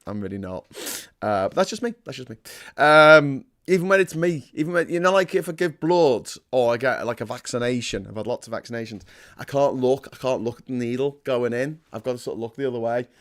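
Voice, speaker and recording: A man's voice: medium pitch, lively intonation, a little fast, a bit bright. A man hosting a casual livestream, rambling and self-deprecating, full of fillers and restarts. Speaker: host.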